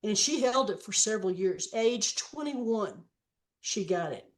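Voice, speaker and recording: A woman in her seventies, a guest author telling stories slowly and reflectively in a podcast interview. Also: medium pitch, lively intonation. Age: 70s. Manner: slow, reflective storytelling with long read-aloud quotes. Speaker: guest, author and trail hiker.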